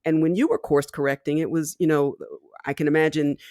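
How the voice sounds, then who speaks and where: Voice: medium pitch, fairly even intonation, fairly quick, a little mellow, dry recording, studio quality. A podcast host reflecting on a guest's story in an encouraging way. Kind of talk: interview chat.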